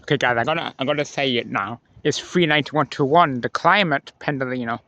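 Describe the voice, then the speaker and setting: A man filming trains from the trackside, chatting excitedly as they pass and swinging between mumbled asides and excited squeals. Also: medium pitch, fairly quick, no room sound, dull audio. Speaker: trainspotting vlogger. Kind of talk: excited live commentary. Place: outdoors beside a railway line.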